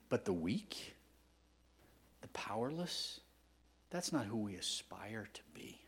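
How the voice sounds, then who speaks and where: A guest pastor gives a sermon full of conversational storytelling, ranging from soft whispers to loud, emphatic eruptions. His husky voice is on the low side, with big pitch swings, a slow pace and long pauses.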